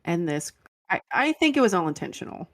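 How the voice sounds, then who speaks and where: A woman's voice: fairly low pitch, big pitch swings, brisk. A woman co-hosting a podcast, recapping scenes in casual chat and laughing often. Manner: giggly, recapping. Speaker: podcast co-host.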